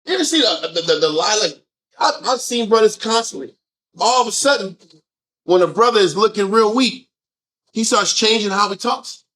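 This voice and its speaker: Animated man with high voice. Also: moderate pace. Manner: animated, full of rhetorical questions. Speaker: discussion leader. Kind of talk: group scripture discussion.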